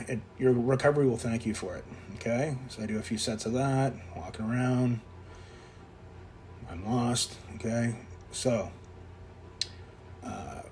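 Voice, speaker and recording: A man's voice: mid-range voice, a little hiss or hum. Blunt Canadian man in his fifties. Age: 50s. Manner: blunt and profane, coaching tone. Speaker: fitness vlogger. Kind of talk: casual voice-over vlog.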